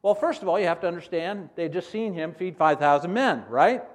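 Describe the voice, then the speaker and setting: A man preaching a sermon in an animated way, acting out scenes as he teaches. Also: high-pitched, fairly quick. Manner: animated, acts out scenes in character voices.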